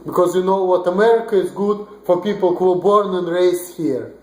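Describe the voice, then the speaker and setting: A young Russian-accented man delivers a rambling, blunt, profane vlog rant. His voice sits a touch high for a man, and the room around him rings with noticeable echo. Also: moderate pace, a little mellow. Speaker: vlogger. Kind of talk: ranting monologue to camera. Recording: roomy echo.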